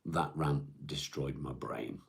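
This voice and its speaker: Deep-voiced man, husky tone, weary halting live-stream chat, middle-aged. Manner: weary, halting, with many restarts and sighs. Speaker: live-stream host reading viewer comments. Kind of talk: casual chat.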